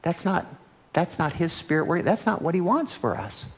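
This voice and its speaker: A man preaches to his congregation in a relaxed, conversational way, tossing out rhetorical questions as he goes. His voice sits at an ordinary pitch and swings from loud, emphatic stretches to hushed ones. The sound carries a long reverb from the church hall. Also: normal speed, slightly rough. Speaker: pastor. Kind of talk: sermon. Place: church sanctuary.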